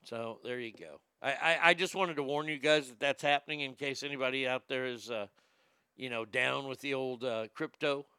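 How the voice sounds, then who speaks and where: A man's voice: medium pitch, moderate pace, pushed and bright, smooth, no echo. A man hosting a casual show, reading news headlines aloud with mock drama and swearing through joking reactions. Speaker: podcast host.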